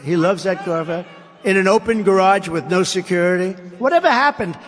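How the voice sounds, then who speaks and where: A man's voice: high voice, expressive, a little fast. A man giving a campaign rally speech as a political candidate, emphatic and repetitive, with rambling asides. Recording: long hall reverb.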